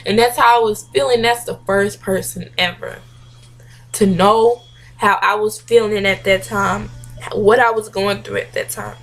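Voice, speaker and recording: A young woman vlogger telling a story in a casual, slangy, animated way, acting out what people said. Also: medium pitch, unhurried, soft background music. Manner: animated, slangy, acts out quotes. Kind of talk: storytime vlog.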